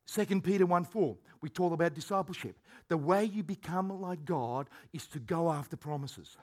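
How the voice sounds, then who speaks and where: A man preaching a sermon as pastor, animated, acting out quoted voices and swinging between shouted lines and low asides. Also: normal speed.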